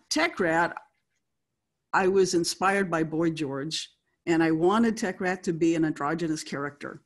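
An older woman, a guest writer, telling anecdotes in a chatty way, often laughing as she talks. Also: deep voice. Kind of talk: anecdotal storytelling.

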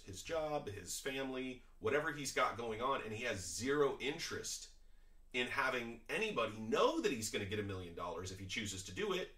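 Opinionated man with a bright, roomy voice. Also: medium pitch. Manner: opinionated, critical, conversational. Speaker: reaction video host. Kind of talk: commentary reacting to a clip.

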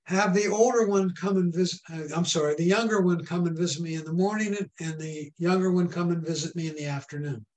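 A hulking, stern small-town minister, put on by a man telling a joke. He asks his questions slowly and solemnly in a fairly high voice that can swell to a boom. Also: steady tone, a little mellow, close to an everyday voice, low-quality recording. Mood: kindly. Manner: slow, solemn questioning, rising to booming.

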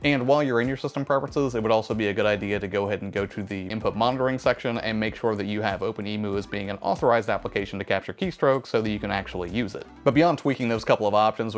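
Young guy, low voice, talks fast, chill chatty tech voice-over, faint music behind. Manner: relaxed, chatty, self-correcting. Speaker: tech video host. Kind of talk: scripted tech overview narration.

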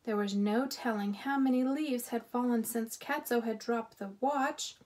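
A woman reading a children's book aloud as narrator, expressive and unhurried. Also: on the high side.

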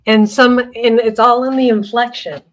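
A woman co-hosting a casual live stream, telling stories in an unhurried, folksy way. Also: fairly high pitch, fairly even intonation.

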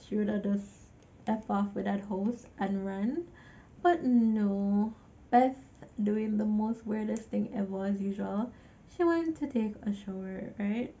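A woman recaps a film in a loose, chatty way and keeps breaking off to vent at the viewer. Her voice is gravelly and mellow. The recording sounds a little dull and lo-fi. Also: medium pitch. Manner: chatty, exasperated asides to the viewer. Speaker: movie reviewer. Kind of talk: casual movie recap.

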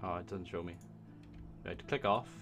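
Man, 20s, low voice, excitable gameplay commentary, swears a lot, faint music behind. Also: normal speed. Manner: excitable, swearing, chatting to himself. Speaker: let's play host.

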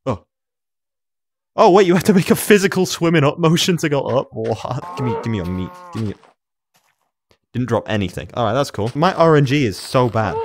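A man commenting on his own video game play as he moves around his room at home, excitable, talking to himself and laughing often. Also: mid-range voice, fairly quick. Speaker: gamer.

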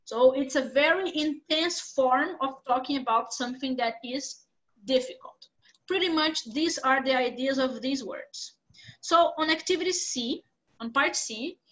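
A woman's voice: high voice, unhurried, a bit bright, muffled recording. A woman English teacher with a Brazilian Portuguese accent, patiently explaining vocabulary with examples in a live online class.

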